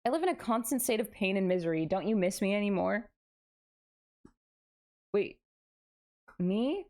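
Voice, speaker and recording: A woman's voice: medium pitch, animated, normal speed, a little mellow. A young woman streaming live, chatting playfully with her viewers, tired and giddy late at night and poking fun at herself. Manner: playful, self-mocking, reads chat aloud and answers it. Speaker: VTuber streamer.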